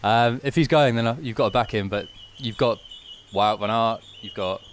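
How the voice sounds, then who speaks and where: A man's voice: mid-range voice, normal speed, a little hiss or hum. A man from South Wales with a British accent, a doctor chatting easily as a guest while out on a bike ride. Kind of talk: casual interview chat.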